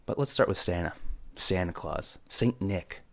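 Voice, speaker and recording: A man's voice: low-pitched, measured pace, dry recording. A young man hosting his own podcast in a joking, rambling rant, mock-outraged, close to the mic. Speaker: podcast host. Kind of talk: solo comedic podcast rant.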